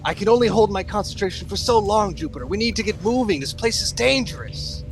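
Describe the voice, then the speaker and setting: A man's voice: sits high, animated, gravelly, faint music behind, pitched above the performer's own voice. A man voicing a hidden mage who warns urgently in a tabletop game. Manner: urgent, hurried warnings. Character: strained hidden mage holding a spell.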